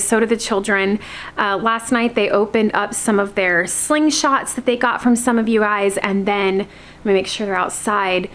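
A woman in her thirties chatting casually to her viewers from her home, friendly and talkative, sometimes cooing at her cat in a high voice. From Alaska. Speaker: homestead vlogger. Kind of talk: casual vlog chat to viewers. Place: at home indoors.

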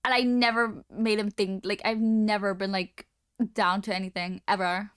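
Chatty young woman streamer, smooth voice. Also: mid-range voice, moderate pace, no echo, studio quality. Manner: chatty, animated storytelling. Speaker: livestream host. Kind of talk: casual chat.

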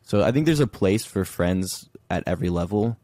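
A man's voice: low-pitched, expressive, normal speed, mellow, no room sound. A young man talking casually as a podcast guest from his childhood bedroom, laid-back and filling his speech with "like". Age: young adult.

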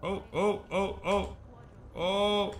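Excitable man streaming a game. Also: sits high, extremely slow, slight background noise. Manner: excitable, exclaims and laughs often. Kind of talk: casual gameplay commentary.

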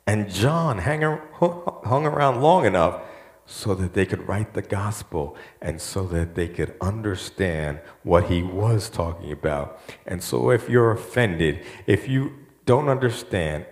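Animated preaching man in a roomy hall. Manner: animated preaching, quoting voices with rising pitch. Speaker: pastor. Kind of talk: sermon.

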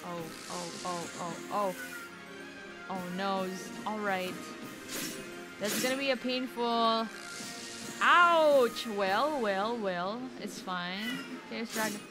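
A woman's voice: mid-range voice, slow pace, over loud music, low-quality recording. A woman, chatting and reacting aloud as she streams a card game from home. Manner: chatty, excitable, reacts aloud to each play. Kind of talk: live gameplay commentary.

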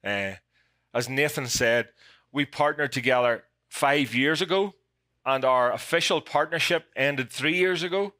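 A man's voice: mid-range voice, a little slow, pushed and bright, dry recording. A man with a Northern Irish accent preaching as a guest pastor, joking about himself and getting emotional. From Ireland. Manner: jokey, self-deprecating, emotional. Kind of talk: sermon. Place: church sanctuary.

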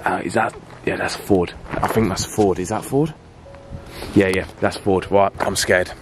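A man's voice: deep voice, steady tone, moderate pace, background noise. Nervous young man vlogging. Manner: nervous, whispering asides, then yelling. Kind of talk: handheld vlog commentary.

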